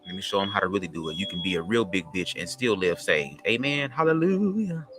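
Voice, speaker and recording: A man's voice: fairly even intonation, fast talker, over music. A man hosting a podcast, reading a book aloud with sassy, slangy, profane asides. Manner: sassy, slangy, swearing, jumps into high squeals.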